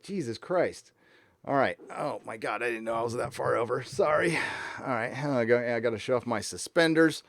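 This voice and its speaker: A man hosting a casual live stream, ranting with lots of swearing and reading out viewer messages in a warm room. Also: medium pitch, normal speed, creaky, pauses often, dry recording, studio quality.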